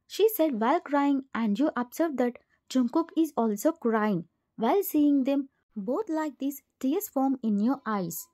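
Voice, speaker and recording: Female storybook narrator, high and mellow, steady plain delivery. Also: a little slow. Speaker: fan fiction narrator. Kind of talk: scripted second-person story narration.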